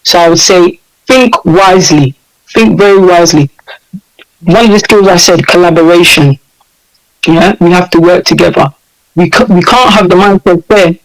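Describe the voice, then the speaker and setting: Interview guest: English-accented man, high voice, emphatic and animated, hammers his points home. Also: moderate pace, low-quality recording. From United Kingdom. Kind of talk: impassioned interview talk.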